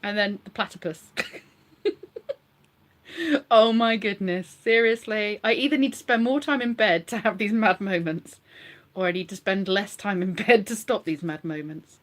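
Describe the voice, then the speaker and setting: A woman's voice: mid-range voice, normal speed. A woman vlogging casually from bed at home, giggly and rambling as she chats to her viewers. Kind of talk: casual live chat to viewers.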